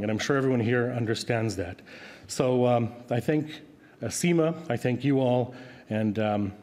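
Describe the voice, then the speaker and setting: A man's voice: medium pitch, darkish tone. Middle-aged man giving an acceptance speech in a hall. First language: Ukrainian. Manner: earnest, with hesitant fillers. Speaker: award recipient, radio broadcaster. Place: large banquet hall. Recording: long hall reverb.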